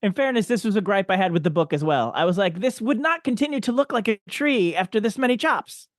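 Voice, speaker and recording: A woman co-hosting a podcast in easy chat, sardonic and quick to laugh. Her pitch swings widely as she talks. The recording is close and dry. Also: expressive, no room sound. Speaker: podcast co-host. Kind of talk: casual chat.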